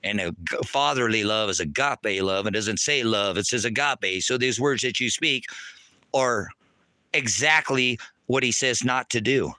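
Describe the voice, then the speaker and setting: A man on a livestream, ranting angrily at his chat, swearing and preaching, loud one moment and lecturing low the next. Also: unhurried, dry recording. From United States. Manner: angry, profane and preachy, swings between shouting and low lecturing. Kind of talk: heated livestream rant to chat.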